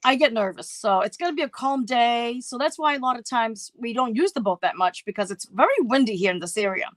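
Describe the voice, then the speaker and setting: A woman's voice: on the high side, expressive, fairly quick, dry recording. A middle-aged woman telling a story on a casual livestream chat, acting out her own past voices. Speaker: co-host.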